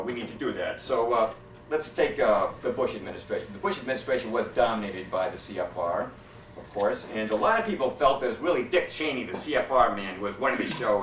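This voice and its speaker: A man doing a stand-up routine, telling jokes with deadpan setups and quoted character voices. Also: lowish voice, a little hiss or hum. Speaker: stand-up comedian. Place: hotel meeting room. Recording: echoey hall from far off. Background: audience laughter.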